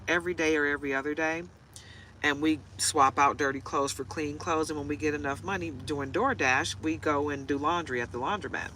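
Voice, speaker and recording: Woman reader, casual talker, tells stories with laughs, voice bright and sharp, light hum of noise. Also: deep voice, poor audio. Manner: chatty storyteller, laughs often, gets choked up. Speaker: tarot reader. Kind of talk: casual chat to camera. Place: inside a parked truck.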